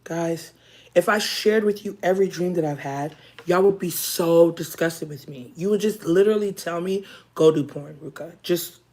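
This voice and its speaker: A woman's voice: fairly low pitch, normal speed, darkish tone. An American woman hosting a casual live stream, chatting frankly and joking as she reads viewers' comments aloud. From United States. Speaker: livestream host.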